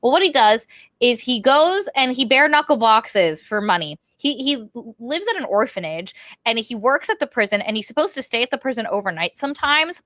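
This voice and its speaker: A woman's voice: on the high side, expressive, brisk, a bit bright, dry recording, clean studio sound. Chatty woman retelling a book plot. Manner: rambling retelling with mock character voices. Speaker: podcast co-host. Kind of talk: casual book-review chat.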